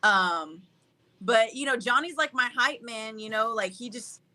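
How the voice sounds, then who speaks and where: A woman's voice: a little high, lively intonation, a little slow, pushed and bright. A young woman talking casually as an interview guest, upbeat and goofy, often laughing as she tells her story. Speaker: guest fighter.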